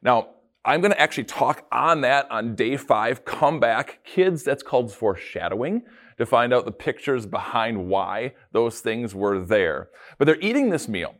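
A man, a pastor, giving a casual devotional talk with animated storytelling and playful asides. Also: mid-range voice, a little slow.

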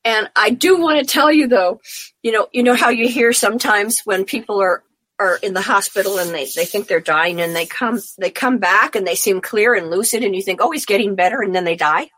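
A woman's voice: medium pitch, fairly quick, fairly bright tone, no room sound. Middle-aged woman, interview guest, heartfelt rambling storyteller, dry close sound.

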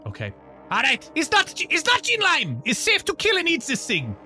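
Man, tabletop role-play player, excitable, extremely swooping pitch. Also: moderate pace, soft background music.

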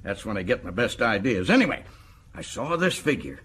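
An actor playing a boastful, folksy American prison governor in a radio drama, with an American accent. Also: male voice, lowish voice, big pitch swings, fairly quick, fairly bright tone, a little hiss or hum. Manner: boastful, folksy and self-satisfied.

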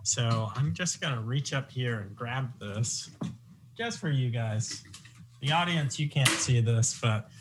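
A man's voice: mid-range voice, unhurried, background noise. A man hosting a podcast interview, from Long Island but speaking with a neutral American accent, chatty and prone to digressions. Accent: none, neutral American. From Long Island, New York. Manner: rambling, self-deprecating, digresses. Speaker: podcast host. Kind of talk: casual interview chat.

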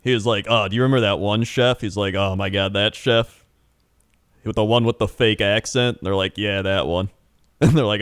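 A young man chatting casually and telling an animated story, acting out quotes and laughing often. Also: on the low side, normal speed, clean tone, dry recording, clean studio sound. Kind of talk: casual chat.

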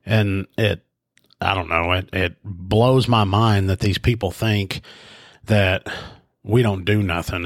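A man's voice: lowish voice, no room sound, studio quality. A congested man, a sheriff's investigator and podcast host, telling a story casually with lots of fillers and restarts. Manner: rambling, with many fillers and restarts. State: congested, stuffed up.

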